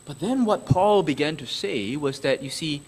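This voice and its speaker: A man's voice: on the high side, expressive, normal speed, poor audio. A man preaching an expository sermon, speaking emphatically and posing questions that he then answers himself. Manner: emphatic, asks and answers his own questions.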